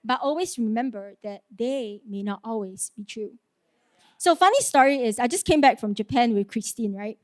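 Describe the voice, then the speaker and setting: A woman delivers a sermon with a high, light voice. She talks earnestly and conversationally, posing rhetorical questions and slipping in small laughs. The sound is close and dry. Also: expressive, normal speed, darkish tone, dry recording. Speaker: preacher.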